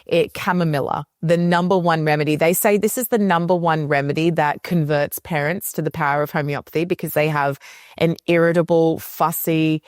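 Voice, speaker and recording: Low-voiced woman explaining remedies. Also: brisk, no echo, studio quality. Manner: animated, acts out quoted voices of kids and parents. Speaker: homeopathy educator, guest. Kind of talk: casual podcast conversation.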